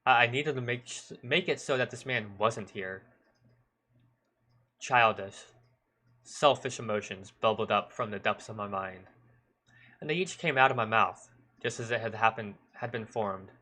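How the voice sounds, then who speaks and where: A man with a bright, sharp timbre reads a story aloud in measured first-person narration. He now and then stumbles and corrects himself. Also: fairly low pitch. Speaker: streamer. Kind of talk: reading a visual novel aloud.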